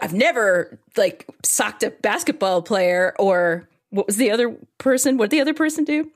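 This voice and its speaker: A woman in her forties co-hosting a casual chat podcast, telling stories in an animated way with frequent laughter. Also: medium pitch, normal speed, hardly any pauses. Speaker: podcast co-host.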